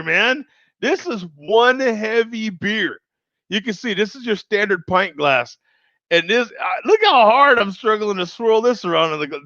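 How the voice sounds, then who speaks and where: A man's voice: high voice, bright, forceful tone, no echo, muffled recording. A man casually reviewing a beer on a live stream, joking and laughing often as he chats with viewers.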